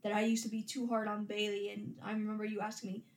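A woman's voice: mid-range voice, completely flat delivery, fast, darkish tone, echoey room. A woman in her thirties chatting candidly about motherhood, her voice raw and on the verge of tears, swearing freely and trailing off her sentences. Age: 30s. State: voice raw from holding back tears. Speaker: podcast guest, mother of young girls. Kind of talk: casual chat.

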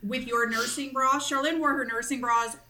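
A woman in her forties co-hosting a casual chat, animated and quick to laugh, swearing freely. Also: sits high, a crowd in the background. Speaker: podcast co-host.

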